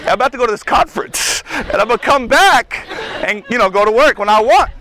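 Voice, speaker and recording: A man's voice: extremely high pitch, animated, moderate pace, bright, forceful tone, some chatter behind, a little hiss or hum, rough recording. A young man telling his personal testimony outdoors in a casual, rambling way, full of "like" and "you know.". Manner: casual, filler-heavy with frequent "like" and "you know". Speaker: testimony speaker at outdoor worship.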